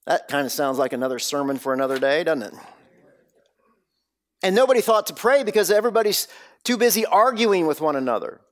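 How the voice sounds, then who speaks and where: Preacher with a slightly high voice, dramatic swings. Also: male voice. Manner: dramatic storytelling, wide swings between loud bursts and hushed low lines. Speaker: pastor. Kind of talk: sermon.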